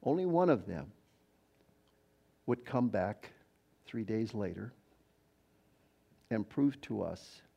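A man's voice: fairly low pitch, very animated, slow, creaky, long pauses, warm tone, husky, highs cut off. An older retired man preaching a sermon in a conversational, storytelling way. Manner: conversational storytelling preacher, quoting others in voices. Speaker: pastor.

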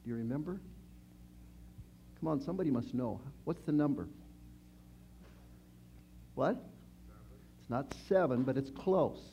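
A man's voice: mid-range voice, expressive, a little slow, long pauses, mellow, lo-fi sound, slight background noise. A man in his sixties preaching a conversational sermon, chatty, asking the congregation questions. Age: 60s.

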